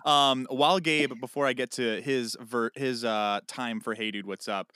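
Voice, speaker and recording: A man co-hosting a casual chat podcast, telling an animated story and acting out a phone call. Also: medium pitch, moderate pace, clean tone, no echo, clean studio sound. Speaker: podcast co-host.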